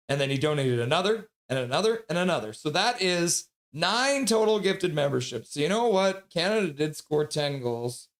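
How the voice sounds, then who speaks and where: A man hosting a casual livestream, chatty and sassy, reading out donations and sleep-deprived. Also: a little high. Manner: sassy, joking. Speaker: livestream host.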